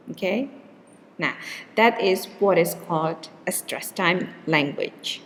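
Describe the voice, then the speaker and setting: A woman lecturing on pronunciation at a slow, deliberate pace, stretching out example words to show where the stress falls. Her voice carries a long reverb, as if recorded in a large hall. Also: lowish voice, a little hiss or hum. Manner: slow and patient, repeats words with exaggerated stress. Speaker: English teacher.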